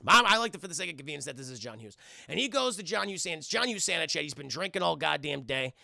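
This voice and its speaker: A man casually recapping a film scene by scene for his live chat, rambling and profane, acting out the characters in quick voices. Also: on the high side, animated, creaky, bright, forceful tone, dry recording, clean studio sound. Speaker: film review streamer.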